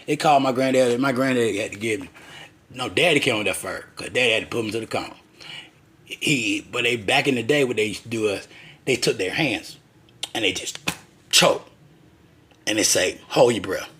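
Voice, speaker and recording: A man's voice: on the low side, fairly bright tone. A man telling a crude, profane, rambling story about his childhood.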